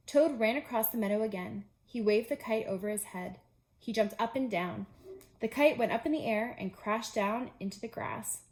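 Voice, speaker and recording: A woman, a pre-K teacher, reading a chapter book aloud to young children with clear, gentle pacing. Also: a little high, normal speed, echoey room.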